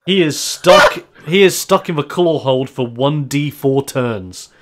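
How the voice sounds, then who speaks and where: A man's voice: mid-range voice, animated, a little slow. A man running a tabletop role-playing game as game master, narrating the action casually and laughing often.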